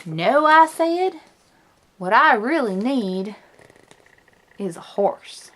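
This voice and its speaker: A woman's voice: on the high side, lively intonation, drawn-out words, fairly bright tone, full character voice. A woman voicing a horse-mad little cowgirl in a put-on Western twang, reading a picture book aloud. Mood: eager. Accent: put-on American Western twang. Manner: drawling, folksy storybook read-aloud.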